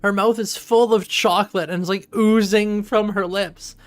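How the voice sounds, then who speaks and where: A parent telling an animated story in casual chat, laughing often. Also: mid-range voice, normal speed.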